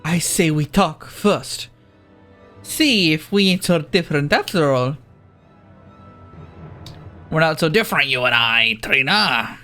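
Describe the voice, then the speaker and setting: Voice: mid-range voice, lively intonation, slow pace, long pauses, bright, forceful tone, soft background music, voice pushed down. A video game player voicing a tough, straight-talking woman clan leader with a drawling folksy accent that wanders as the lines go on. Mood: angry. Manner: drawling, uses "ain't". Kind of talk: reading game dialogue aloud in character.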